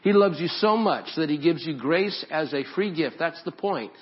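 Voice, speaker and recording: A man preaching a sermon and leading prayer as a pastor, earnest and repeating his phrases, dropping to a hush when he prays. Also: fairly high pitch, animated, normal speed, highs cut off. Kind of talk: sermon and altar-call prayer. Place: church sanctuary.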